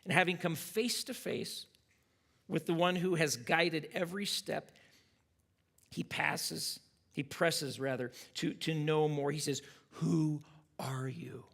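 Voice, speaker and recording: Gravelly-voiced man teaching a church class. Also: a little high, a little slow, fairly bright tone. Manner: earnest, reflective storytelling with quotes. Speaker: pastor.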